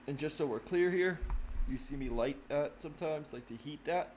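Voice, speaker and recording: A man's voice: a little high, normal speed. Profane, rambling man in an echoey room. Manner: profane, blunt and animated. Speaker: livestreaming drummer. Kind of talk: casual rambling chat. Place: home room. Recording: echoey room with clear noise.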